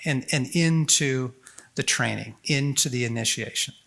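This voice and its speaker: A man speaking at a conference on faith, animated and folksy, full of quick asides and acted-out prayers. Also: medium pitch, vocal fry. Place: large conference hall.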